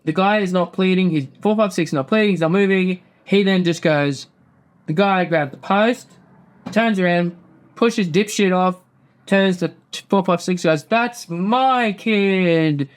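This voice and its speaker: A man with a high voice recaps loosely as host. He rambles, swears freely and slips into quick acted-out quotes. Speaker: podcast host. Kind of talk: casual profane recap.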